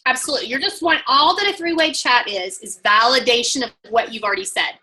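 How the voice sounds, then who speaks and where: An upbeat woman with an Oklahoma accent, leading a group coaching talk. Her voice rings bright and sits a little high, and she talks emphatically and with energy. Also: quick pace, poor audio. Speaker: sales trainer.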